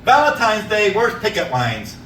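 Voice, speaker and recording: Loud, high-voiced man doing stand-up. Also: moderate pace, a little hiss or hum. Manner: loud, animated storytelling, laughing at own jokes. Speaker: stand-up comedian. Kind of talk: stand-up comedy set. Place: small theater stage. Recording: echoey room, mic from a distance.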